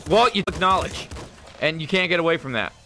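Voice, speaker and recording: A young man streaming a video game, talking casually with a profane, excitable manner and laughing often. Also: a little high, brisk, slight background noise. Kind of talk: casual livestream commentary.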